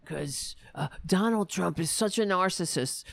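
A woman mocking a smug male comedian's inner monologue, muttering it quickly in a sped-up, half-whispered way. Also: fairly low pitch, creaky, background noise. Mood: mocking fretful. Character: smug male comedian fretting over his joke.

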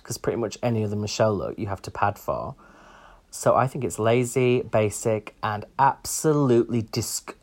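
A man co-hosting a podcast, chatting casually and opinionated, with frequent ums. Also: fairly low pitch. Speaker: podcast co-host. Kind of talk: casual chat.

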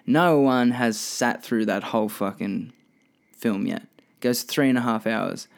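A man's voice: medium pitch, unhurried, gravelly. A young man hosting a casual solo podcast, rambling and swearing freely with many restarts. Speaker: podcast host.

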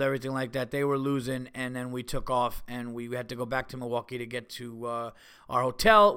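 With a clean, mid-range voice, a New York man hosting a podcast relates a story in a casual way. He performs the characters' quoted lines with animated energy.

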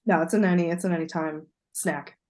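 A woman's voice: lowish voice, steady tone, fairly quick, a little mellow. Chatty woman podcast co-host. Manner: chatty and digressive, laughs easily. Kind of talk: casual chat.

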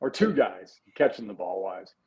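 A man in his sixties, a former player appearing as a guest analyst on sports talk radio, speaking in an easygoing, halting way with frequent restarts. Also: lowish voice, very animated, lo-fi sound.

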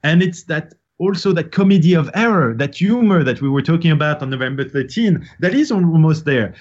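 A man's voice: fairly high pitch, expressive, fairly quick, darkish tone. A man with a French accent, a guest on an interview show, telling a long story with many fillers and restarts. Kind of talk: casual interview talk. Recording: slightly muffled audio.

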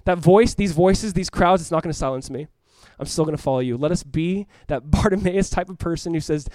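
A male pastor preaching a sermon and closing in prayer, swinging between loud urgent calls and hushed quiet passages. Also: high-pitched, a little fast, hardly any pauses, no room sound. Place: church room with congregation.

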